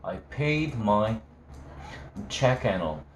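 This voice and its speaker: A man reads a novel aloud in a casual first-person voice, unhurried and slow, his lowish voice still animated. The recording sounds roomy, with a faint hum of ambience behind him.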